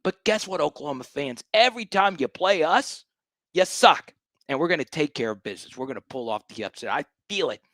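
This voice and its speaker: A man's voice: fairly high pitch, expressive, fairly quick, a bit bright, no room sound. A man hosting a sports fan livestream, ranting in a fired-up, hyped way and repeating lines for emphasis. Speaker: sports show host.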